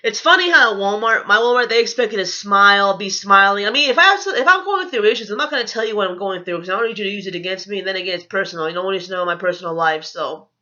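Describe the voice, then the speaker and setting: Fast, bright-voiced ranting young woman. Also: mid-range voice. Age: young adult. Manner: blunt, profane, indignant. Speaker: vlogger. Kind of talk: casual storytime rant. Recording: dull lo-fi recording.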